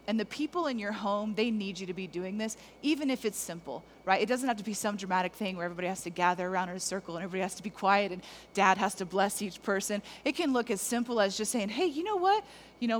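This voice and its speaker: A middle-aged woman preaching a lively, conversational sermon to men, talking straight to the audience. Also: mid-range voice, a little hiss or hum. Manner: animated, conversational, addresses the audience directly.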